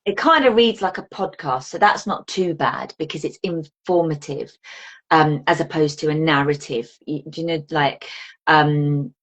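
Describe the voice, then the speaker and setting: A woman's voice: low voice, normal speed. A woman guest on a podcast, chatting casually and acting out her own reactions as she tells a story. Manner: animated, acts out her own reactions in quotes. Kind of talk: casual chat.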